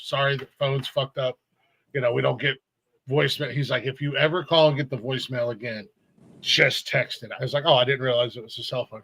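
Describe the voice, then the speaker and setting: A man's voice: medium pitch, pushed and bright, poor audio. A middle-aged man, co-hosting a casual podcast and telling heated, profane stories with bursts of laughter. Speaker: podcast co-host. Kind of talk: casual chat.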